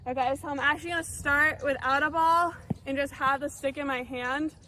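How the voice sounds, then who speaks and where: A woman's voice: high-pitched, steady tone, a little fast, pushed and bright, slight background noise. A young woman coaching on an outdoor field, demonstrating drills as she moves and checking in with "okay?" after each step. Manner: explains while moving, checks in with "okay?" often. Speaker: lacrosse coach.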